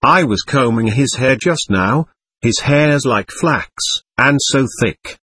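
A man reading the lines of a teasing, affectionate young woman in an audiobook, with a husky voice. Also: medium pitch, animated, slow, fairly bright tone, no echo, heavily acted. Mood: tender.

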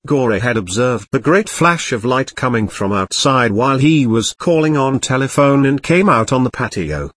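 A man narrating a first-person story aloud in a plain, steady reading manner. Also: mid-range voice, moderate pace, few pauses, slightly rough, dry recording.

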